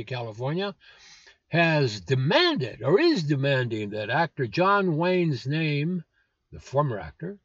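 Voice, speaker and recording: A man's voice: fairly high pitch, dry recording. A man in his seventies hosting a political commentary show, blunt and scornful, with lots of "uh" fillers. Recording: dull lo-fi dry recording.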